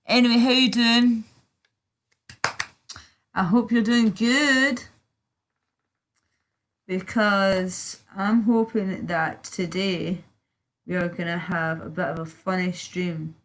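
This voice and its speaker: A woman's voice: mid-range voice, steady tone, slow pace, long pauses. A young British woman chatting casually on a livestream, chatty and sweary, reading and answering her chat. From Britain. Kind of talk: casual live-stream chat.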